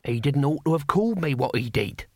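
A man voicing an ancient male barbarian hero who speaks slowly, haltingly and testily in an audiobook. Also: a little high, lively intonation, darkish tone, no room sound, clean studio sound. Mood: blunt. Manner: halting, slow and testy.

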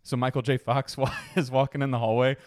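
A man's voice: mid-range voice, flat delivery, fast, a little mellow, dry recording, clean studio sound. A man in his thirties co-hosting a casual podcast, telling stories and laughing through them, also reading a sponsor spot. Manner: laughs through stories, sings goofy bits. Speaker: podcast co-host. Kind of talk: casual chat.

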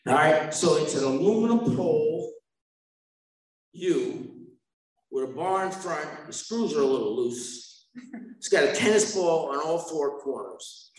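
A man's voice: a little high, lively intonation, measured pace, echoey room, rough recording. A man sharing his recovery story at a meeting, rambling and self-mocking, with asides to the listeners.

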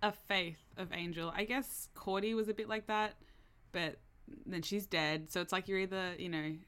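A woman's voice: mid-range voice, steady tone, normal speed, fairly bright tone, clean tone. A woman co-hosting a podcast in casual chat, talking with many fillers and laughing often. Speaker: podcast co-host.

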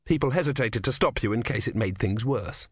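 A man reading a novel aloud as an audiobook narrator, telling the story in a wry, measured way. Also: mid-range voice, expressive, no echo, studio quality. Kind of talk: scripted narration.

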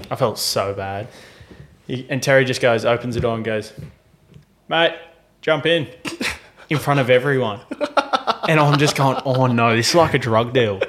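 Australian man telling a story. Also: mid-range voice. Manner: animated storyteller acting out quotes. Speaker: podcast co-host. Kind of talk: casual chat.

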